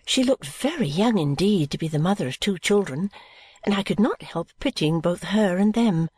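Expressive woman reading a classic novel. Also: on the low side, normal speed, husky, dry recording. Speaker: audiobook narrator. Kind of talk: scripted narration.

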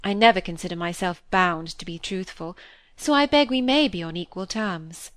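A woman reading a classic novel aloud, voicing a restless, self-mocking young woman who talks in a lively, wry, confiding way. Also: on the low side, moderate pace, no echo, close to an everyday voice. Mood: candid.

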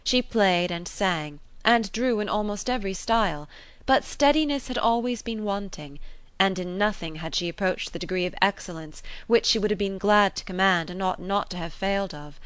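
Woman audiobook narrator, measured and steady, dry close recording. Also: mid-range voice, clean tone, no echo. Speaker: audiobook reader. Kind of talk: scripted narration of a classic novel.

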